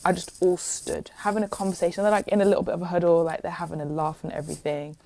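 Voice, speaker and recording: A British woman telling stories as a guest in a casual interview, lively and chatty, with lots of "like". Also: fairly low pitch, fast talker, gravelly, no room sound. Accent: British English. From England. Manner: lively, chatty, heavy use of "like". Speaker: guest musician.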